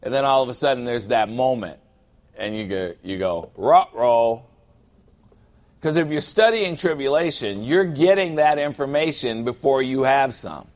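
A man's voice: medium pitch, expressive, moderate pace. A middle-aged man preaching a sermon as a pastor, conversational and humorous, acting out little scenes from everyday life.

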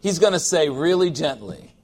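Man, pastor, sermon, conversational preaching, slightly higher voice, asks for amens. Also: lively intonation, moderate pace, a little mellow.

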